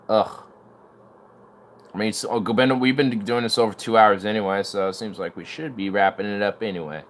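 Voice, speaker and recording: A man's voice: lowish voice, steady tone, normal speed, a bit bright. Exasperated man streaming live commentary. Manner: exasperated, talks over the clip. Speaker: streamer reacting to a debate clip.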